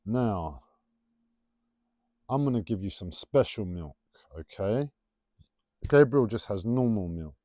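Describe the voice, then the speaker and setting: Animated man musing playfully. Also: fairly low pitch, slow, long pauses, dry recording, clean studio sound. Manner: playful, rambling, teasing. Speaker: livestreamer. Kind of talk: casual spiritual musing monologue.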